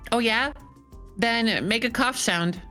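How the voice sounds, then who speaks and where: Slow-talking bright-voiced woman streamer. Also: fairly high pitch, soft background music. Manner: playful, bantering, swears casually. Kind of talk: casual stream chat.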